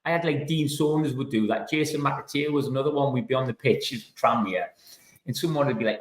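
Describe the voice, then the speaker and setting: A middle-aged man, a former footballer hosting a podcast, trading anecdotes in casual chat, his voice jumping up when he gets animated. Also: fast talker. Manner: chatty anecdotes, leaps up in pitch when animated. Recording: roomy echo.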